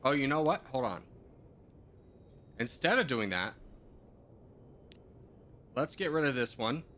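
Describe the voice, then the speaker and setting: A man's voice: medium pitch, big pitch swings, slow, a bit bright. A man casually commenting on his own gameplay while live streaming, muttering to himself as he builds and answering chat.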